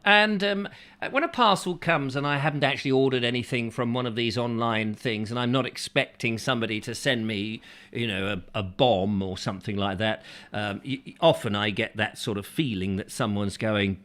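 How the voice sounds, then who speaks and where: A man's voice: mid-range voice, normal speed, fairly bright tone. A man hosting a casual live-stream chat show, greeting viewers and joking around in a playful manner. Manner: playful, jokey, drifting into silly voices. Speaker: host.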